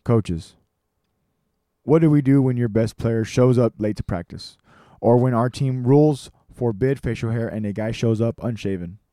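A man doing a gruff old baseball coach. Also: medium pitch, normal speed, warm tone, dry recording, studio quality, natural voice. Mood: gruff lecturing. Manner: barking, bellowing questions at a crowd. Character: irascible 78-year-old male baseball coach.

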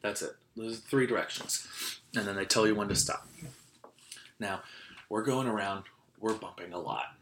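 A man's voice: fairly low pitch, normal speed, long pauses, fairly bright tone, a little hiss or hum. A young man hosting a casual podcast, telling a story in a rambling way with lots of "like" and restarts. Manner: laughs while telling stories. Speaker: podcast host.

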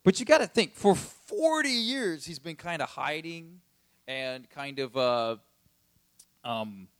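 A man's voice: fairly high pitch, animated, slow, fairly bright tone, no room sound, studio quality. A man giving a casual Bible teaching, retelling the story in a chatty, conversational way with plenty of fillers.

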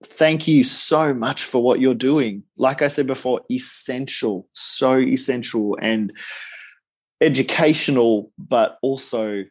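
A man's voice: mid-range voice, slow. Effusive Australian man. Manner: effusive, grateful, talks at length. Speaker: guest commentator. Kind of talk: casual podcast chat.

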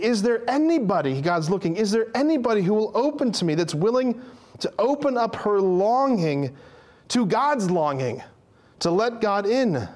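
A young man with a high, bright voice gives a spirited religious talk. He acts out the lines he quotes and banters with the people listening. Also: moderate pace. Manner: animated, acts out quotes, jokes with audience. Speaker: speaker giving a talk. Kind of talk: lively Catholic teaching talk.

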